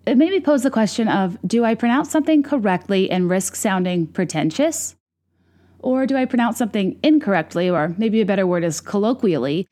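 A woman's voice: medium pitch, a little mellow. A young adult woman hosting a podcast, talking in a wry, self-deprecating, rambling monologue. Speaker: podcast host. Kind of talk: casual comedic monologue.

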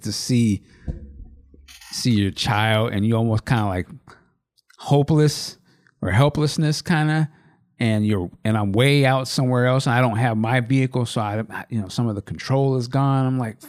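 A man in his thirties, a podcast co-host, telling a story in loose, rambling casual chat. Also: medium pitch.

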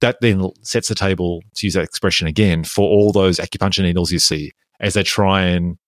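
A man's voice: low-pitched, brisk, no room sound, studio quality. A man co-hosting a podcast, talking about movies at length in an enthusiastic, analytical way. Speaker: podcast co-host. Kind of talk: casual film discussion.

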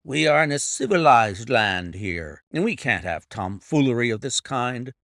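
A man reading a story voices an obstinate, blustering older English gentleman who talks in a gruff, dismissive way. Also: mid-range voice, very animated, unhurried, no echo, studio quality, pitched below the performer's own voice.

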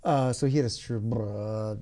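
A woman hosting a podcast interview, asking relaxed and curious questions in casual chat. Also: very deep voice, normal speed, a crowd in the background. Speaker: podcast host.

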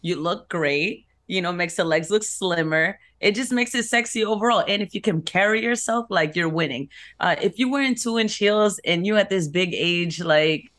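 A woman's voice: fairly low pitch, normal speed, hardly any pauses, fairly bright tone. A woman co-hosting a radio show, talking in a sassy, blunt, laughing way. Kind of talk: casual radio banter.

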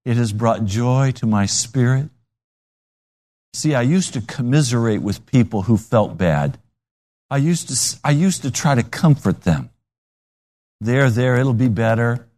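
A man's voice: medium pitch, lively intonation, unhurried, warm tone. A man preaching a sermon with dramatic, emphatic storytelling.

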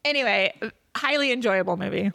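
A woman co-hosting a podcast, chatting casually about a movie and telling her story with animated, rambling asides. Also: mid-range voice, brisk, vocal fry. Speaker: podcast co-host. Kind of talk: casual chat reviewing a movie.

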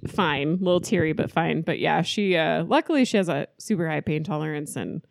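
A woman chatting casually as a guest, telling stories with frequent laughter and animated retellings. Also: low-pitched, a little fast, gravelly, slight background noise. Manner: laughs often, animated storytelling. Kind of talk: casual chat.

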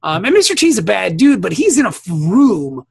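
Gravelly, husky man recapping a show. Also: sits high, wildly swooping pitch, moderate pace, dry recording. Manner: rambling, profane, laughs often. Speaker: podcast co-host. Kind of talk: casual chat recapping a TV episode.

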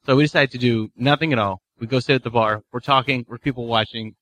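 A man with a bright, forward tone and a middle pitch tells an easygoing podcast anecdote. He restarts his sentences often as the story comes back to him. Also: fairly even intonation, quick pace. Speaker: podcast co-host. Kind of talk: casual storytelling chat.

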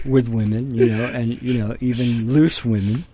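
A man in a casual discussion, often chiming in with short words of agreement before making his own measured points. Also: medium pitch, steady tone, warm tone, a little hiss or hum.

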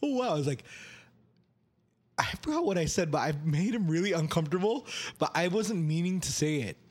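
Laughing, animated young man co-hosting. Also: on the high side, brisk. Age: young adult. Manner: animated storyteller, laughs often. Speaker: podcast co-host. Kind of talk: casual chat.

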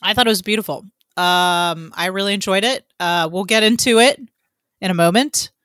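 A woman's voice: mid-range voice, moderate pace, fairly bright tone, dry recording, studio quality. A woman co-hosting a casual podcast, chatty and loose, with lots of ums and the odd swear word. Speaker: podcast co-host. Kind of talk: casual chat.

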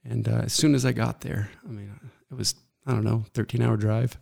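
Gravelly middle-aged man, earnest. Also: fairly low pitch, steady tone, a little mellow. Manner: earnest, halting, reflective. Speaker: guest. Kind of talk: personal story in an interview.

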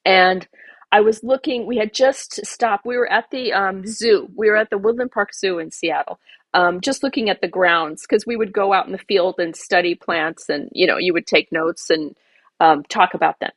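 A woman's voice: mid-range voice, normal speed, dry recording. A woman, a garden designer and podcast guest, telling an emotional personal story with many asides.

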